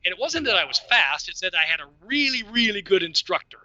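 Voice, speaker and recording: A middle-aged man telling stories as a podcast guest, lively and self-deprecating, often laughing at himself. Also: high-pitched, fairly quick, no echo, muffled recording. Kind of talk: casual storytelling.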